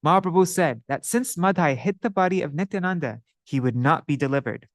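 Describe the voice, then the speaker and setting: A man reading scripture aloud, translating verses and adding commentary with steady, careful delivery. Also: on the high side, fairly quick, no echo, studio quality. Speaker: scripture reader and teacher. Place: indoors, livestreamed.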